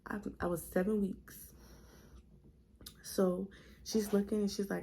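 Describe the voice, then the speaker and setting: Chatty young woman with gravelly, mellow voice. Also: medium pitch, brisk, a little hiss or hum. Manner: chatty, animated retelling with quoted voices, addresses viewers as y'all. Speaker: vlogger. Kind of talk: casual storytelling vlog.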